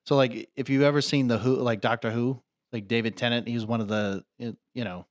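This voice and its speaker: A mid-range male voice with fairly even intonation moves fairly quickly; the studio sound is clean, with no room sound. The man is a podcast co-host who rambles casually, filling his chat with "I mean" and "like."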